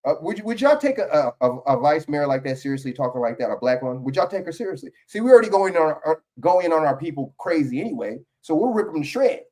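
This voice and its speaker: A man's voice: a little high, very animated, fast, few pauses, warm tone. A man giving heated, profane reaction commentary on a political video clip.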